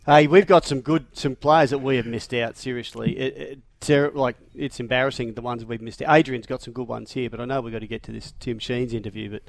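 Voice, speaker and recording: A man's voice: mid-range voice, fairly even intonation, fairly quick, gravelly, hardly any pauses, no echo. An Australian man hosting a sports radio show in casual, jokey chat, often laughing.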